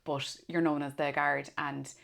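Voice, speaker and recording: An Irish woman in her thirties who used to be a police officer tells stories in a relaxed, casual conversation, animatedly acting out the voices of those she quotes. She has a deep voice with vocal fry and speaks at a measured pace.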